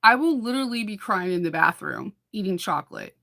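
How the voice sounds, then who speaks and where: A woman's voice: mid-range voice, lively intonation, fairly quick, gravelly, pushed and bright. A middle-aged woman hosting a casual sewing live chat, rambling, laughing often and breaking off mid-sentence. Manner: chatty, rambling, laughs often, self-interrupting. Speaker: host of a sewing live show.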